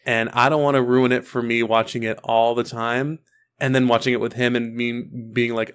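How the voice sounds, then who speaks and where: A man's voice: mid-range voice, little pitch movement, moderate pace, a bit bright, smooth. Laid-back young man rambling in chat. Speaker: podcast co-host. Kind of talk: casual chat.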